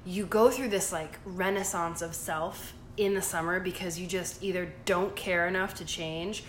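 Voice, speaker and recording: A woman's voice: lowish voice, fairly even intonation, moderate pace, slight background noise. A woman co-hosting a podcast in casual chat, a little drunk, gushing and rambling. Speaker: podcast co-host, magazine editor.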